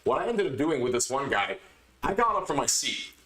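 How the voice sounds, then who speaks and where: A man's voice: mid-range voice, very animated, fairly quick, pushed and bright. A man hosting a podcast, giving emphatic, lecturing advice in a casual monologue. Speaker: podcast host. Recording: echoey room.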